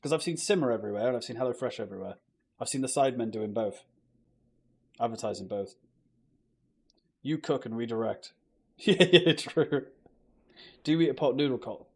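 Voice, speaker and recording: Husky swearing British streamer man. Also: mid-range voice, expressive, a little fast, long pauses. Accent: British English. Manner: swears a lot, loose and joking, talks to chat. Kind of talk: casual live-stream chat.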